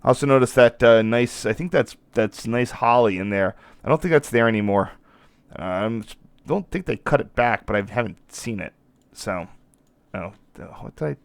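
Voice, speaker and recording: A man's voice: mid-range voice, expressive, normal speed, gravelly, no room sound. A man hosting a live stream in casual commentary, rambling and breaking off mid-thought, apologizing now and then, a little worn in the voice. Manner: rambling, self-interrupting, apologetic. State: losing his voice.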